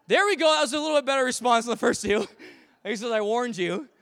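A pastor delivering a sermon in a high, light voice. He preaches with animated emphasis, slips into jokes and acted-out quotes, and his words ring through a church hall with a long reverb. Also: fast. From Canada. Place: church sanctuary.

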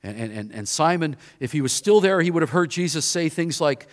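A man preaching a sermon, retelling a scripture scene with animated storytelling and acting out the bystanders' voices. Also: on the high side, moderate pace. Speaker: pastor.

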